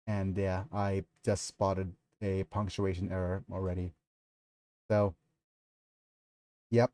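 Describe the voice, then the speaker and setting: A man talks casually on a livestream about his novel. He is halting and apologetic and unhurried, with lots of fillers. He sounds dry and close to the mic. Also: deep voice, dark tone, no echo.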